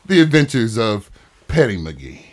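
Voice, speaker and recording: Animated laughing man telling stories. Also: fairly low pitch, unhurried. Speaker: podcast co-host. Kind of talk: casual storytelling chat.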